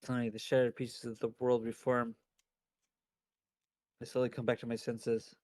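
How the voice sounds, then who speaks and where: A man's voice: mid-range voice, completely flat delivery, moderate pace, darkish tone, no echo. A man streaming a visual novel, reading its first-person narration aloud dramatically. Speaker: game streamer.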